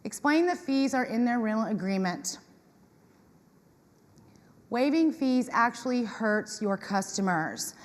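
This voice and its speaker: A woman giving a lively talk to an audience, acting out customers in quoted voices. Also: fairly high pitch, a little slow, pauses often. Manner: animated, acts out tenants in quoted voices. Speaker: conference speaker on property management. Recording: reverberant hall.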